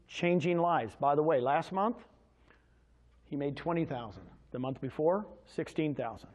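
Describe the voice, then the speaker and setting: At a moderate pace and with a voice on the high side, a man energetically motivates real estate agents at a meeting during a sales presentation, questioning them as he goes.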